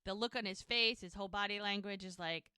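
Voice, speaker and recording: A woman's voice: mid-range voice, fairly quick, clear, resonant tone, no room sound, studio quality. A woman co-hosting a podcast, casually retelling show scenes and acting out the characters' lines. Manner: retells scenes, quoting characters in animated voices. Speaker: podcast co-host. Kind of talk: casual recap chat.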